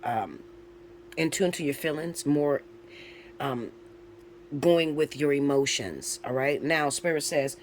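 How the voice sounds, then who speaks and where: A man's voice: on the high side, takes it slowly, pauses often, slight background noise. A man giving a casual spoken tarot reading, talking loosely and informally and checking in often with his listener. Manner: chatty, tags lines with "all right?" and "okay?"; loose and informal, with occasional swearing. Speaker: tarot reader.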